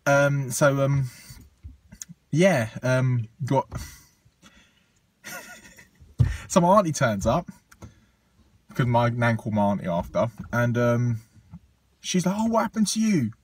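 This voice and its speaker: A man's voice: medium pitch, slow pace, pauses often, no room sound. A young man telling a story in casual chat, acting out quotes and swearing freely. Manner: animated anecdote, acts out quotes, swears freely.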